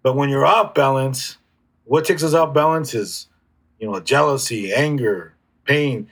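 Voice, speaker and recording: A man speaking as an interview guest, reflective and halting, with frequent restarts. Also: medium pitch, fairly bright tone, husky. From United States. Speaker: guest healer. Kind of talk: casual conversational interview.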